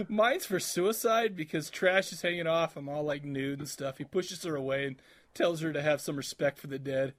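A man's voice: on the high side, moderate pace, a little hiss or hum. A man co-hosting a podcast in casual chat, joking and laughing often. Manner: laughs often, jokey and animated. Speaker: podcast co-host.

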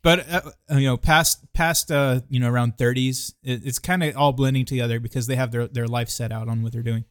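A man's voice: medium pitch, steady tone, fairly quick, hardly any pauses, clean tone. Easygoing American man in casual chat. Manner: easygoing, wandering, hesitant fillers.

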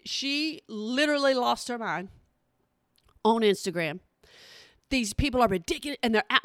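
A woman's voice: fairly high pitch, a bit bright, no room sound, clean studio sound. A middle-aged woman giving a sassy, exasperated comedic rant.

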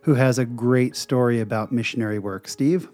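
A man's voice: mid-range voice, moderate pace, a little mellow, soft background music. A man hosting a podcast, introducing and chatting with his guest in a friendly way. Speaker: podcast host. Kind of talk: podcast interview.

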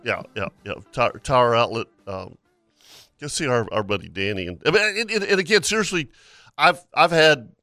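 A man's voice: medium pitch, moderate pace, no room sound, studio quality, soft background music. A man hosting a radio outdoor show, chatting casually and working in sponsor plugs. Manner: lively, reads sponsor plugs. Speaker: radio host. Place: radio studio.

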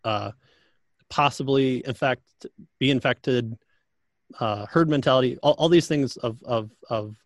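A man talks through his views about church and society. He has a dry, close sound at a middle pitch and a halting, thoughtful delivery. He often stops and restarts while he works out his point. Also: no room sound. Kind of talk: casual conversation.

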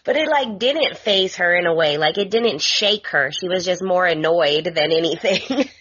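A woman co-hosting a podcast in casual chat, animated and quick with exasperated asides. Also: fairly low pitch, breathy edge, lo-fi sound. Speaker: guest co-host. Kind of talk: casual soap opera recap chat.

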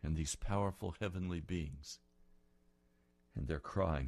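A man preaching a sermon, retelling scripture dramatically and building to loud, passionate peaks. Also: sits low, lively intonation, measured pace, long pauses, dry recording.

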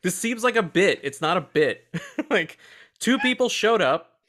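A male podcast co-host chatting casually about movies, with a slightly high, very lively voice that jumps around as he gets worked up. He laughs a lot and swears freely. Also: unhurried. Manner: laughs often, swears, excitable.

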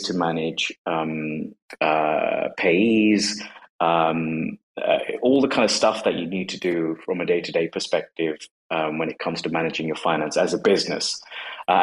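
A man with a very low, deep voice talks casually as a guest about his work. He is in his forties and hesitant, his sentences full of fillers, restarts and repeated words. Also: rough recording. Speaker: guest, company co-founder. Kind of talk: casual conversation on a live audio space.

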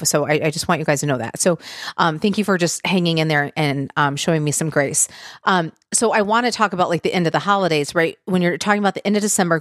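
A woman's voice: fairly low pitch, no echo, studio quality. A woman hosting a casual motivational podcast, chatty and full of filler words, with a tickle in her throat. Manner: chatty, lots of "like" and "um". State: throat tickle, clearing throat and coughing. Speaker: podcast host. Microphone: podcast mic.

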